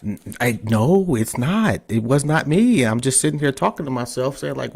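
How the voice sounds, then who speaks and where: A man's voice: medium pitch, animated, normal speed, creaky, a little mellow, slightly rough. A man hosting a podcast interview over a remote call, casual and profane, repeatedly checking whether his guest can hear him. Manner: loose and profane, frustrated with tech trouble. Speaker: podcast host.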